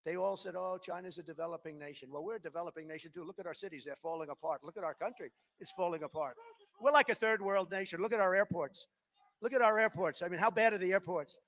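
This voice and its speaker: Fast-talking older man giving a rally speech. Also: sits high. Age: 70s. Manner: boastful, rambling, swings between loud declarations and muttered asides. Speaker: politician at a rally.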